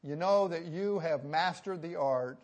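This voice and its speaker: Preaching a sermon conversationally, a man asks rhetorical questions and swings from loud emphasis to soft asides. His voice is fairly high and his pace a little slow.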